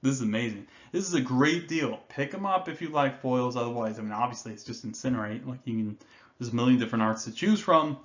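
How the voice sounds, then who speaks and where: A man hosting a card game finance video, talking excitedly and rambling, with casual swearing and many restarts. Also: mid-range voice, quick pace, muffled recording.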